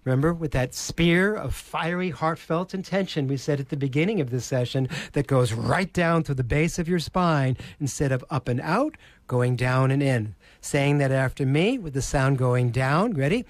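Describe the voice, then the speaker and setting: Man coaching in a deliberate, expressive voice. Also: on the high side, no echo. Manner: demonstrative, exaggerates phrases to show inflection. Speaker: presentation skills coach, podcast guest. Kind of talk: teaching voice technique in a podcast interview.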